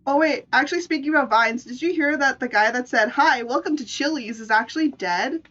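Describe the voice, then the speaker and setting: A woman's voice: high voice, fairly quick, bright, forceful tone, highs cut off, faint music behind. A woman streamer in playful, casual live-stream chat, laughing often. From United States.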